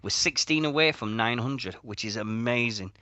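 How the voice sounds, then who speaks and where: A young British man hosting a wrestling radio show, chatting casually with lots of swearing and loud outbursts. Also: moderate pace, no room sound. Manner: loud, swearing, bursts into high-pitched outbursts.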